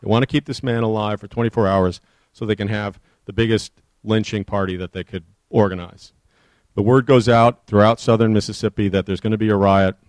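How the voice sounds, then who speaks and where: Low-voiced man giving a history talk. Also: steady tone, a little fast, a little mellow, no echo. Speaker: author giving a book talk.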